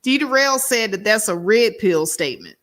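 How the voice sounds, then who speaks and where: Lively, incredulous woman hosting a livestream. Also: medium pitch, normal speed. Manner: incredulous, questioning. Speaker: host. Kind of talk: livestream commentary.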